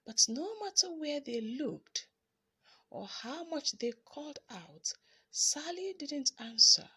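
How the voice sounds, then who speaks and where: High, lively woman storyteller. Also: slow pace. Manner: expressive, dramatic storytelling. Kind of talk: reading a children's story aloud.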